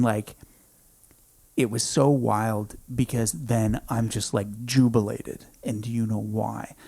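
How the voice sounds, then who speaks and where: A man in his thirties, a podcast guest in a home studio, telling a story in an intense, emphatic way, often saying "dude" and swinging between hushed and loud. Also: mid-range voice, gravelly, no echo. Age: 30s. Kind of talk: casual storytelling.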